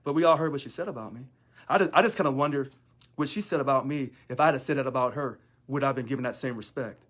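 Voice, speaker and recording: A man's voice: medium pitch, fast talker, a bit bright. A man, a union local leader, talking in a sarcastic monologue full of rhetorical questions. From United States. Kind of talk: casual monologue video.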